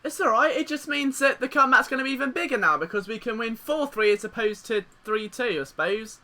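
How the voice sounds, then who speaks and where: Young lad, let's-play commentator: very high, very bright, excitable and jokey, faint game music underneath. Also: male voice, fairly quick. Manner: excitable, jokey, swings from despair to cheering. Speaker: gaming commentator.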